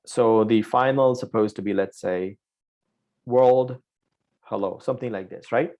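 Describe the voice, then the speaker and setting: In a live online coding lesson, a male programming instructor walks through the material step by step, asking "right?" after each point. His voice is fairly low and darkish, and he speaks a little slowly.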